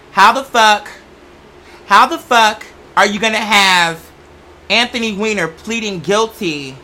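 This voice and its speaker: A man's voice: high voice, sharp tone. A young man hosting a show, talking in a sassy, campy, profane comedic monologue. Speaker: show host.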